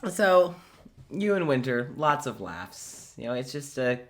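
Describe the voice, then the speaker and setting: Easygoing male game master, halting. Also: medium pitch. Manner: relaxed, halting narration full of ums. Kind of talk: narrating a tabletop game.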